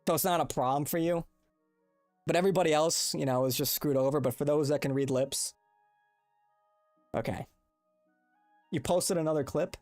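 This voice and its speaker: A man's voice: a little high, moderate pace, pauses often, darkish tone, dry recording, soft background music. A young man hosting a casual livestream, rambling and swearing as he chats with viewers into a desk mic. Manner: rambling, profane, talks to chat. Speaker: livestream host. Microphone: desk microphone with compressor.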